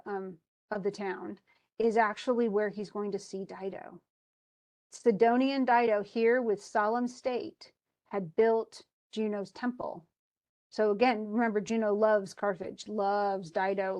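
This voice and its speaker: A woman's voice: medium pitch, darkish tone. A woman retelling a classical epic to a class in a casual, chatty lecture full of fillers and restarts. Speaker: teacher.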